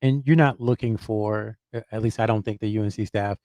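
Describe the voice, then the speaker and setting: A man's voice: on the low side, steady tone, brisk, darkish tone, no echo. A man on a podcast, a basketball reporter who hedges and thinks aloud with lots of fillers and restarts. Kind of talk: casual podcast chat.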